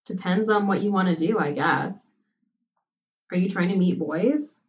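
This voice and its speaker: A woman's voice: on the low side, measured pace, dull audio, close to an everyday voice. A woman voicing a bold, confident young college woman who talks bluntly and teasingly. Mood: brash.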